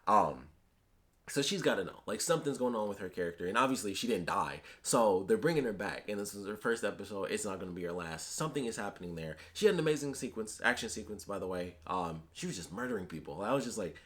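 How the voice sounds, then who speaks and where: Male reviewer, casual and rambly, quick delivery full of fillers. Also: fairly low pitch, sing-song, fairly bright tone. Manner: rambling, many fillers and restarts. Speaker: TV episode reviewer.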